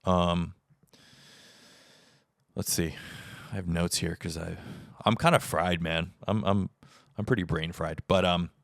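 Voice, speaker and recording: Speaking a little slowly in a low, creaky voice with a steady, fairly bright tone, this podcast host in his thirties pauses often as he rambles candidly on his solo show. He swears casually and acts out conversations he describes. His podcast mic on a camera setup gives a dry, studio-quality recording.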